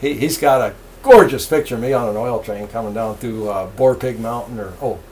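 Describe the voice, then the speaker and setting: Fairly quick and mid-range in pitch, the older man recounts his days as a railroad engineer during an interview. He's an animated storyteller who laughs a lot.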